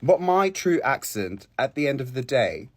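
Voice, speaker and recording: A man with a Nigerian accent ranting casually to camera as a vlogger, animated and emphatic, speaking straight to his viewers. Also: mid-range voice, moderate pace.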